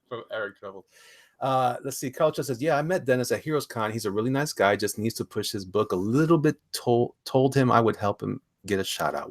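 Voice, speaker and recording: A man's voice: medium pitch, a little fast, no echo, clean studio sound. A man hosting a casual live stream, jokey and chatty, reading viewer comments aloud and laughing often. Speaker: host.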